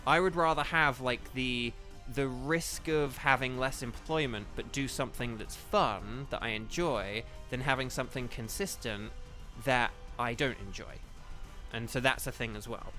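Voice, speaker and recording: A man's voice: medium pitch, normal speed, bright, forceful tone, faint music behind. A young man chatting casually on a live game stream, rambling with lots of fillers and apologies, speaking into a desk microphone at home.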